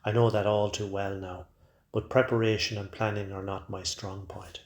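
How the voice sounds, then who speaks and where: A man narrating a first-person story in a quiet, measured way. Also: fairly low pitch, level tone. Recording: roomy echo.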